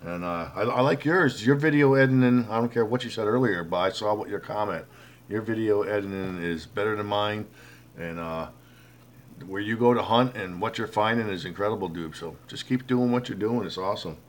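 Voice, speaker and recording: A man with a lowish voice and a fairly quick pace hosts a casual live stream. Rambling along, he reads viewer comments aloud, greets them by name, calls them bud, and frequently restarts or uses fillers.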